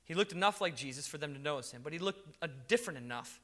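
A man preaching a sermon in a lively, conversational storytelling way. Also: fairly high pitch, quick pace. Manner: animated, conversational storytelling with acted quotes. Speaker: pastor.

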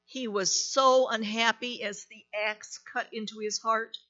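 A woman reading a story aloud in a gentle, deliberate manner with dramatic pauses. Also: fairly high pitch, steady tone, highs cut off.

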